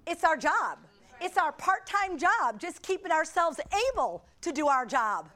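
High-voiced woman preaching a sermon. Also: sing-song, measured pace, sharp tone. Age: middle-aged. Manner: emphatic and repetitive, with asides to the congregation. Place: church before a congregation.

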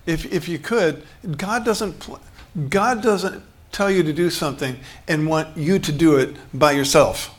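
A man's voice: fairly high pitch, measured pace, few pauses. A man preaching a sermon in a conversational way, acting out short bits of dialogue and chuckling as he goes. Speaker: pastor.

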